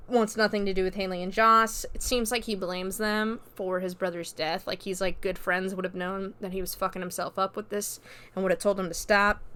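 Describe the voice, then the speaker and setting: A woman hosts her own podcast and talks through a horror film's plot in a relaxed, chatty way. Her voice is smooth and clear, and sits at a middle pitch. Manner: chatty, loose with fillers and quoted dialogue. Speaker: podcast host. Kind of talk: casual movie recap.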